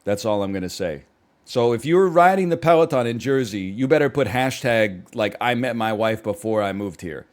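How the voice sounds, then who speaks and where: A man's voice: mid-range voice, expressive, normal speed. A man in his thirties from Canada, a streamer ranting in casual chat with sarcastic, mock-outraged asides.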